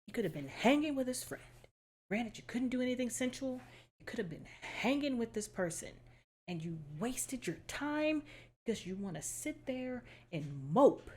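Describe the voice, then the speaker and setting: A woman's voice: a little high, sing-song, normal speed, darkish tone, slight background noise. A woman hosting a reaction video, talking casually and bluntly with lots of exasperation and swearing.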